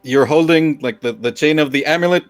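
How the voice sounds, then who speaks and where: Calm man narrating as game master. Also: fairly high pitch, fairly quick, soft background music.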